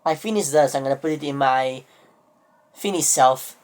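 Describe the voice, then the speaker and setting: A woman's voice: very deep voice, moderate pace, darkish tone. A woman chatting casually in a reading vlog, thinking aloud as she counts pages, sounding tired and a bit sick. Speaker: book vlogger.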